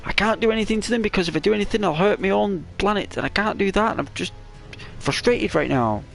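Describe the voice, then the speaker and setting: A man voicing the sun as an angry scolding mother who shouts reprimands. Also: high-pitched, expressive, fast, vocal fry, soft background music, voice pushed up, heavily acted. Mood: frustrated.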